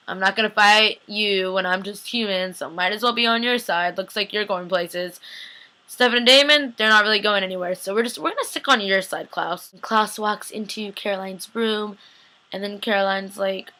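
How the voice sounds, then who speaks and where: A young woman with a mid-range, bright, pushed voice recaps a TV episode at a normal speed and a steady tone. She's a TV recap vlogger, gushing and chatty, slipping into little character voices as she quotes their lines.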